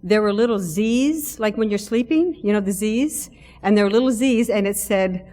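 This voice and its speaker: A middle-aged woman preaches from the pulpit in an easy, conversational way, joking at her own expense. Her voice sits at a middle pitch. The church's long reverb trails behind each phrase. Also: normal speed. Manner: warm self-deprecating humor, conversational. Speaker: lay preacher. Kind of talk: sermon. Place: church sanctuary.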